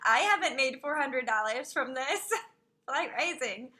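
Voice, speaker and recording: A woman streamer chatting casually on a live stream, gushing over what she sees and dropping into soft whispered asides. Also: high voice, animated, slow pace, pauses often.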